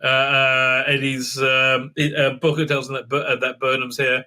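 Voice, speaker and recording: A man's voice: medium pitch, completely flat delivery, bright, forceful tone. A man giving a casual, sarcastic recap of a TV episode, mocking the scenes and stumbling through lots of fillers and restarts. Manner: mocking, acts out scenes with put-on voices; halting, many fillers and restarts. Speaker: show reviewer.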